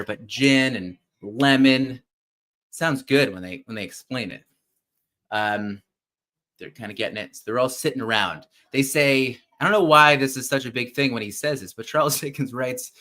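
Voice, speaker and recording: A man hosting a casual live show, retelling a favorite story in an animated, chatty way with some offhand swearing. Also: medium pitch. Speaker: podcast host.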